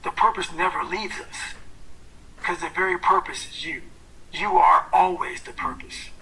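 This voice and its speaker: A man giving an intense, profane motivational talk, swinging from loud, blunt bursts to hushed whispers. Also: high-pitched, fairly even intonation, unhurried, vocal fry, a little hiss or hum, low-quality recording. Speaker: motivational speaker.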